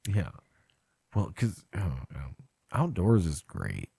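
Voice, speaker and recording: Tipsy man host with wildly swinging pitch. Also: wildly swooping pitch, takes it slowly, gravelly, warm tone, husky, no room sound, studio quality. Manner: prodding questions, laughs often. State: tipsy from drinking. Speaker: podcast host. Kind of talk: casual podcast chat.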